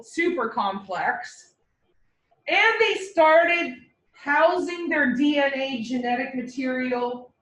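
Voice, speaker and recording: A woman teaching a biology class, explaining cells in a playful, joking way. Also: high voice. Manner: lively, joking with students. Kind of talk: classroom lecture with playful dramatization. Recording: echoey classroom, mic far from speaker.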